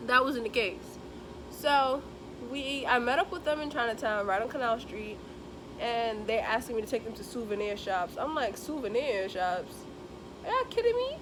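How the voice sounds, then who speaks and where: A young woman vlogger chatting casually through a storytime as she does her makeup, lively and expressive, acting out the people in her story. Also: on the high side, normal speed, background noise. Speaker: beauty vlogger.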